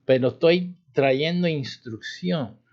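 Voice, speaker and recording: A man's voice: a little high, unhurried, a little mellow. A man pastor giving an informal sermon teaching, with a demonstrative manner, acting out stern warnings and chuckling. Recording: dull lo-fi livestream audio.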